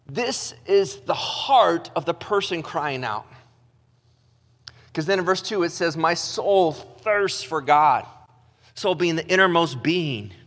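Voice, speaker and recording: A man preaching a sermon as pastor, in a casual, self-deprecating way full of "like" and restarts, reading scripture slowly. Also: on the high side, lively intonation, a bit bright. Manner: casual, self-deprecating, talks with his hands in filler words. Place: church stage. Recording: long hall reverb.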